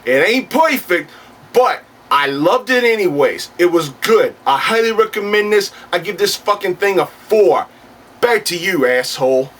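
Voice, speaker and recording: A man's voice: sits high, animated, a little slow, voice pushed up. A man voicing a cocky, foul-mouthed alternate-world double of himself who reviews comic books, with crude slang. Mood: brash. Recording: distant mic with faint background noise.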